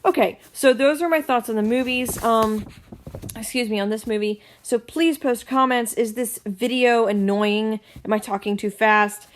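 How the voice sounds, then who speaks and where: A woman hosting her own channel, giving a casual solo film review in a blunt, opinionated way, with frequent ums and quick self-corrections. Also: a little high.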